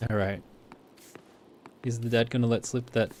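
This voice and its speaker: A man's voice: medium pitch, fairly even intonation, normal speed, a little mellow, a little hiss or hum. A man streaming a story game, making wry, joking asides in casual commentary.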